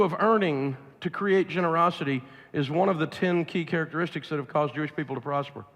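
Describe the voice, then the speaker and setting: A man with a Southern US accent lectures a live crowd in a blunt, emphatic, preachy way. His voice sits a bit high for a man. It rings with the long reverb of a large event hall. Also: a little fast, few pauses, a bit bright. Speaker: financial speaker. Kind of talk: live seminar talk to an audience.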